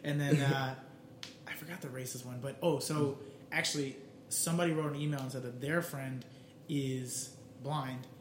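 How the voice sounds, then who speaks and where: Animated man in an echoey room. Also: medium pitch, normal speed, a little hiss or hum. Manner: animated, swears freely, acts out quotes. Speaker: podcast co-host. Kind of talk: casual chat.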